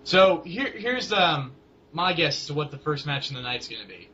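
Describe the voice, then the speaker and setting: A young man co-hosting a casual wrestling chat, rambling and halting, with lots of fillers and restarts. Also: on the high side, expressive, sharp tone. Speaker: co-host of a wrestling blog. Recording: dull lo-fi home recording with faint hiss.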